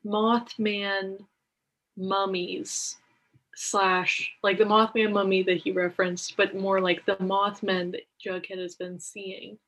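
Slow, rambling woman recapping TV. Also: medium pitch, little pitch movement, a bit bright. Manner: rambling, heavy use of filler words. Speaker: podcast co-host. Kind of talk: casual TV recap chat.

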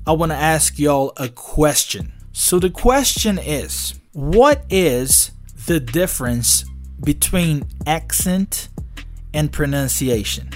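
A male English teacher gives a slow, deliberate online lesson, leaning on each point with emphasis. He throws rhetorical questions at his viewers and speaks in a fairly high voice, with faint music playing behind him.

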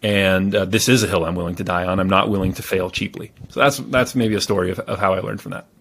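A man speaking as a guest on a podcast, telling stories in a calm, measured way with frequent fillers and restarts. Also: low voice, gravelly, slight background noise. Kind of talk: casual interview storytelling.

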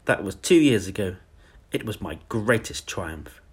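A man voicing a timid, kind young woman teacher in a soft, modest, earnest manner. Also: on the low side, lively intonation, unhurried, husky, exaggerated voice. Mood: gentle.

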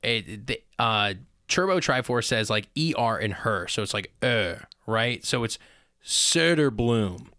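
A man with a bright, tense voice co-hosting a sports podcast, walking through an explanation step by step with frequent ums. The recording is dry and close. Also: lowish voice, a little slow, no echo. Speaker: podcast co-host. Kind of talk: casual sports chat.

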